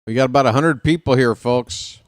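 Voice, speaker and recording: A man streaming casual live baseball play-by-play, chatting with viewers and reading out their names between pitches. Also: brisk, no echo, studio quality. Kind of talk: live play-by-play with chat shout-outs.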